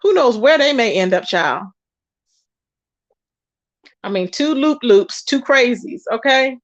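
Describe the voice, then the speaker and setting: A woman hosting a live stream, reading her chat aloud and gossiping in an animated, chatty way, calling her viewers baby and child. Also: fairly high pitch, takes it slowly, no echo, muffled recording. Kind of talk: casual gossip commentary.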